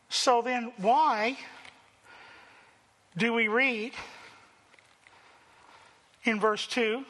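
A male pastor delivers an animated sermon in a strikingly high, bright voice. He slips into mocking voices for the people he quotes. His words ring out with the long reverb of a large hall. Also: very slow, long pauses. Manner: animated preaching, acts out quoted complainers.

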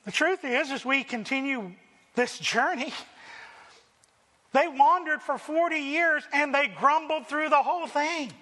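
A male pastor delivers an animated sermon in a strikingly high, bright voice. He slips into mocking voices for the people he quotes. His words ring out with the long reverb of a large hall. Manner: animated preaching, acts out quoted complainers.

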